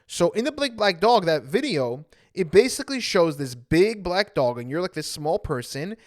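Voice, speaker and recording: Young man, anxiety coach, earnest personal talk, fairly high voice, very lively pitch. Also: moderate pace, no echo, studio quality. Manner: earnest, emotional, repeats phrases. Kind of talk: personal storytelling to viewers.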